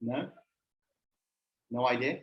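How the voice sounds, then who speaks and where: A man's voice: medium pitch, lively intonation, slow, muffled recording. A man leading a spiritual discussion session in a casual, conversational way, with many fillers and frequent questions to his audience in the room and online. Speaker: spiritual society session leader.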